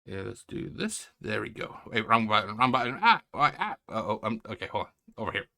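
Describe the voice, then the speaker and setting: Very animated and brisk, his lowish voice has vocal fry and a pushed, bright quality. He's a man hosting a reaction stream from inside his home, giving casual commentary that rambles sarcastically and interrupts itself.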